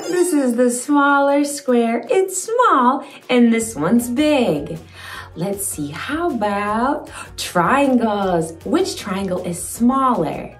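A woman hosting a toddler learning video, speaking in a sing-song, encouraging way with slow, clear words, in an echoey room with faint music. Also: on the high side, sing-song. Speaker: children's show host.

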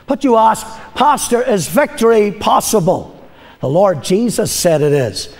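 A man's voice: high-pitched, lively intonation, a little slow, in a large hall. An older man preaching a sermon, repeating his lines and calling on the congregation to answer. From Northern Ireland. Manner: calls for congregation responses. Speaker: pastor.

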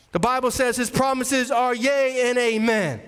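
A male associate pastor preaches to a congregation in a large church sanctuary, building toward repeated rising declarations. His voice is very high-pitched, fairly bright, clear, and resonant, with long hall reverb from the church.

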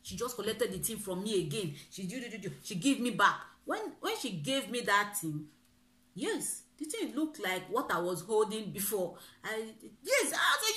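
A young Nigerian woman vlogger recounting a story time in a car, animated and mixing pidgin with laughter. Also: mid-range voice, moderate pace, reverberant.

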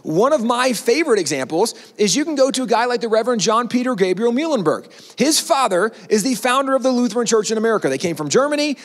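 A man telling a history story to an audience, animated and conversational, checking in with "right?". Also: very high voice, fast talker, hardly any pauses, long reverb tail. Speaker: speaker.

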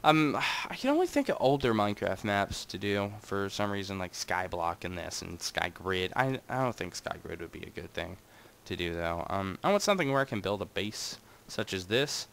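A young man narrating his gameplay in a loose, rambling way. His pitch swings widely, from low mutters up to sudden high yelps, and he keeps talking straight to his viewers. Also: sing-song, moderate pace, gravelly, fairly bright tone. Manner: rambling and chatty, talks to his audience, jumps between wild highs and mutters. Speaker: Minecraft gaming channel host. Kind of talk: casual gameplay commentary.

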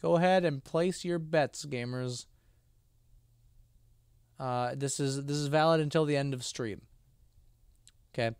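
A man's voice: mid-range voice, unhurried, long pauses, a little mellow, clean tone, no echo, studio quality. A man streaming a horror game live, rambling to himself and his chat, sleepy and yawning. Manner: rambling, self-talking, sleepy with yawns. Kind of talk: casual live game commentary.

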